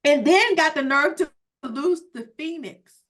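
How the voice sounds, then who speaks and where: A woman's voice: high-pitched, animated, a little slow, a bit bright. A woman hosting a casual sports podcast, talking emphatically with lots of cursing and "like". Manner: emphatic, profane, frequent "like". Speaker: podcast host.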